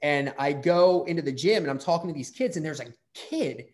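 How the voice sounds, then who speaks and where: A man's voice: fairly high pitch, a little fast. A middle-aged man hosting a casual interview, telling rambling stories and swearing freely. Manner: rambling, profane, lively storyteller. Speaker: podcast host.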